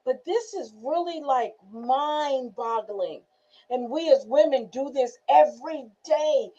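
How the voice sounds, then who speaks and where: A woman host reads aloud and then talks it over with listeners, earnest and emphatic, and her voice jumps to high exclamations. Her tone is mellow and a little high. The sound is dull and lo-fi. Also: moderate pace. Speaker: host reading a workbook aloud. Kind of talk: reading aloud and live discussion.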